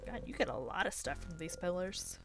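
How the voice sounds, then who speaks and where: A woman's voice: on the low side, animated, brisk, over music. A woman casually commenting on a game as she plays and reads its text aloud, rambling and poking fun at herself. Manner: rambling, self-deprecating, playful. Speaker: let's player.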